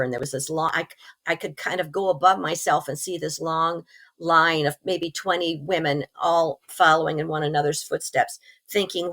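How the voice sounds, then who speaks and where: Hoarse woman with a gravelly voice. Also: low voice. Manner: earnest, animated storytelling with small laughs. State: hoarse, recovering from pneumonia. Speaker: interview guest. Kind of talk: telling a personal story.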